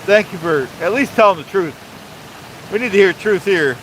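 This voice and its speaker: A man livestreaming on a phone outdoors by a waterfall, with a high voice. He is pompous and mock-authoritarian, refers to himself in the third person and hammers the same points again and again. A faint outdoor hiss runs underneath. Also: lively intonation, normal speed, a bit bright, low-quality recording. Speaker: livestream host. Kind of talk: live-streamed rant reading chat.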